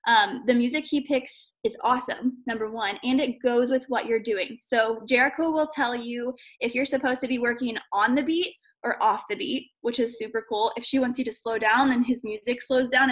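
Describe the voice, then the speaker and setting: A woman's voice: on the high side, a bit bright. A woman coach on a team video call. She talks in an enthusiastic, chatty way, full of "um" and "like," and sounds out of breath. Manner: enthusiastic, chatty, many fillers like "um" and "like". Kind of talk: casual video call chat.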